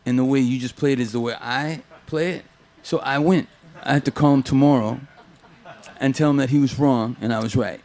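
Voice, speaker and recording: A man chatting casually as a guest, telling lively anecdotes, acting out what others said and swearing freely. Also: mid-range voice, fairly quick. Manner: animated anecdotes, acts out quoted voices, swears. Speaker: guest guitarist. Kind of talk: casual storytelling chat.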